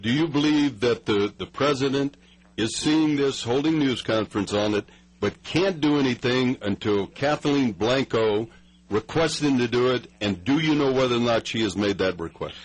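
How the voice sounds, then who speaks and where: A man's voice: medium pitch, moderate pace, rough recording. A male radio interviewer who asks direct, probing questions. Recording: radio broadcast audio.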